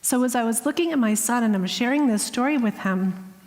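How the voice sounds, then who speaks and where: A woman giving a heartfelt, earnest sermon as guest speaker, sometimes dropping to a hushed voice. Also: on the high side, lively intonation, fairly quick. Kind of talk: sermon with personal story. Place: spiritual center sanctuary. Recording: long hall reverb.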